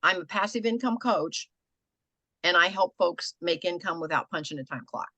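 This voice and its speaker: An older American woman coaching a group on business pitches, conversational and animated. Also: normal speed, no room sound. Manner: conversational, animated, acts out quoted people.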